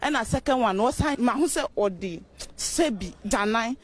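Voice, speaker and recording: A woman with a somewhat high voice tells her account vividly, using sound words as she recalls events. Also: animated, unhurried. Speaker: neighbor witness. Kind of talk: interview account in Twi.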